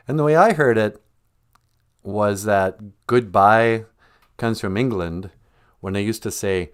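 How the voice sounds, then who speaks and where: A man's voice: fairly low pitch, unhurried, long pauses, clean tone. A man hosting a podcast in a casual comedic monologue, rambling and laughing often between jokes. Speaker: podcast host.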